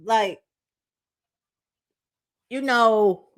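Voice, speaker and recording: A woman's voice: on the high side, drawn-out words. A woman from Detroit giving a blunt, profane, slangy casual recap of a reality TV episode.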